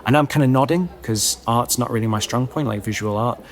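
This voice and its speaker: Guy spinning a funny story, self-mocking, keeps going "right?", mid pitch. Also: a little fast. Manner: animated, self-mocking, chatty with many "right?" asides. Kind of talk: comic storytelling on a podcast.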